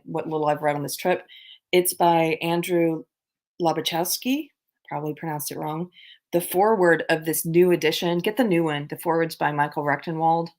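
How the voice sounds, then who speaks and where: Low-voiced woman chatting on a livestream. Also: a little mellow. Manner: chatty, reads viewer comments aloud, laughs often. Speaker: livestream host. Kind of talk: casual livestream chat. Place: abroad on a trip.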